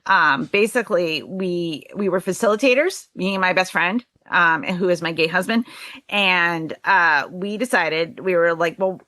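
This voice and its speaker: Guest: New England woman, forties, bright, dry close sound, chatty storyteller who quotes herself. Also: lowish voice, normal speed, dry recording. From New Hampshire. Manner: chatty, quotes herself often, laughs easily. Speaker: podcast guest. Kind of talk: casual interview conversation.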